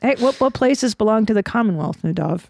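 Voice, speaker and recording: A woman's voice: on the high side, lively intonation, creaky, a little mellow, no echo. A woman hosting a podcast in a casual, playful chat, teasing her guest and joking freely. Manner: playful, teasing, quick to joke. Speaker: podcast host.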